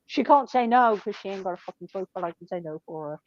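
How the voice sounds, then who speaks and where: A young woman in her twenties chats casually, blunt and deadpan, peppering her stories with swearing. The sound is dull and lo-fi, close and dry with no room around it. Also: medium pitch, fast, no echo. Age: 20s. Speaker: shop worker telling stories. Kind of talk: casual chat.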